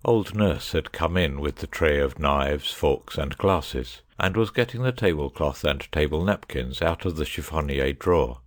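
A man reading a children's story aloud in measured narration. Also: very deep voice, lively intonation, no room sound, studio quality. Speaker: audiobook narrator. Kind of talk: scripted narration.

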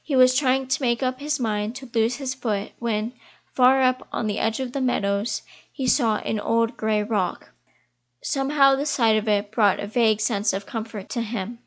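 A woman reading a children's animal storybook aloud in a gentle, measured way. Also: a little high, fairly even intonation. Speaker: audiobook reader. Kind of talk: storybook narration.

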